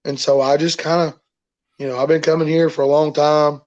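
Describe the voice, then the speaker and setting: A man's voice: fairly high pitch, level tone, fairly quick, darkish tone, highs cut off. A man, a professional wrestler, telling stories in a rambling, folksy way during an interview. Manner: rambling, repeats himself, folksy. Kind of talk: casual storytelling in an interview.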